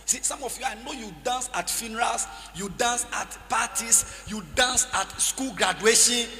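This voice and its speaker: A high-pitched, bright-voiced man preaches to a congregation. He leads call-and-response, often shouting and drawing his lines out in a sing-song. His voice rings in a reverberant church hall with faint music under it. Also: normal speed. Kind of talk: sermon.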